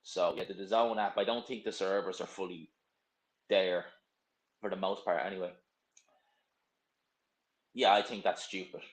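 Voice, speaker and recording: A man's voice: sits low, echoey room, rough recording. A young man hosting a casual live stream, reading out viewer comments and answering in a blunt, rambling, opinionated way. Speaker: livestream host.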